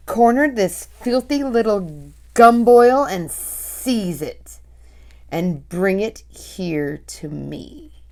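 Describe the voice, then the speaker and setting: Cruel witch queen, shrill, shrieking, bossy, storybook villain. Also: lively intonation, very slow, darkish tone. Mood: commanding. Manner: screeching, commanding, high-pitched. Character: shrieking, domineering evil female witch leader.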